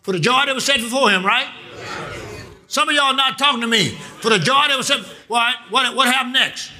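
Pastor guy preaching, high voice, real bright and cutting, call and response, shouting out lines over and over. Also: fairly quick. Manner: repetitive, emphatic phrasing. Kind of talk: sermon.

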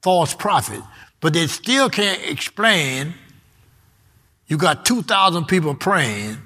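A man's voice: fairly high pitch, big pitch swings, slow pace, pushed and bright. A man preaching a sermon, reading scripture aloud and repeating his key words with emphasis.

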